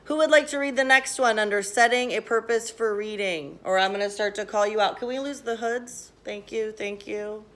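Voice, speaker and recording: A woman teaching a class, brisk and directive, quizzing students with questions. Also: medium pitch.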